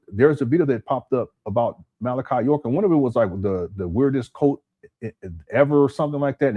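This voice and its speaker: A man's voice: mid-range voice, darkish tone. A man hosting a casual live stream at home, rambling and repeating his words as he talks to his chat. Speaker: commentary channel host. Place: hot home room.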